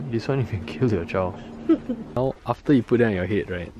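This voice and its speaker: Singaporean guy vlogging round town, jokey and chatty, loud street noise behind. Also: mid-range voice, lively intonation. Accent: Singaporean English. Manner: chatty and jokey, quick to laugh. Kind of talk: casual vlog narration. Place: out and about in city streets and shops. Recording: noisy outdoor street recording.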